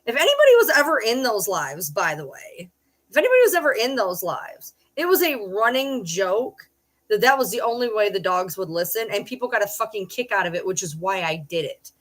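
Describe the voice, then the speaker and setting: A middle-aged woman streamer chatting casually with her viewers, blunt and profane, breaking into loud yells now and then. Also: medium pitch, animated, brisk. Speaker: streamer reading chat. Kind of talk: casual live-stream chat.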